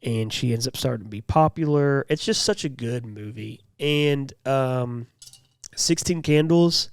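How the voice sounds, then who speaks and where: Gravelly young man rambling casually. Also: medium pitch, measured pace, no room sound, studio quality. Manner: loose, rambling, lots of "like" and fillers. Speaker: podcast co-host. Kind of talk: casual chat.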